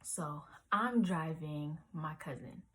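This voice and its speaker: A woman's voice: low-pitched, slow pace, a little hiss or hum. A woman in her twenties telling a rambling storytime vlog story, full of "like" and "um", sometimes dropping to a whisper. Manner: rambling, lots of "like" and "um", drops to whispers. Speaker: vlogger.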